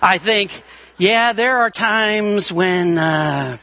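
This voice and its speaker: A man in his fifties, a pastor preaching a sermon, swinging between hushed, intimate moments and raised, urgent passages. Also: high-pitched, extremely slow, slight background noise. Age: 50s.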